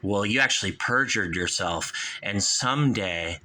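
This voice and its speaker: Heated, profane call-in show host. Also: male voice, on the low side, expressive, a little slow, bright, forceful tone.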